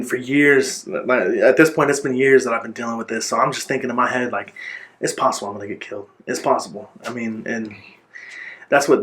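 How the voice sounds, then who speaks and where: A male interview guest, his mid-range voice fairly bright in tone, reflects earnestly on his own life. Every so often he pauses to collect his thoughts before continuing.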